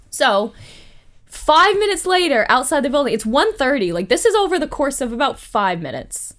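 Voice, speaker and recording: A woman hosting a podcast. She retells a story in a casual, animated way, with profane asides. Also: sits high, normal speed. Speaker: podcast host.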